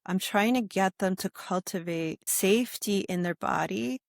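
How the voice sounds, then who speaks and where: A woman yoga instructor talking in a calm interview, with a soothing, guiding manner and a habit of asking "right?". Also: medium pitch, normal speed, creaky, dry recording, studio quality. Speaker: yoga instructor and sobriety guest. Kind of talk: calm conversational interview talk.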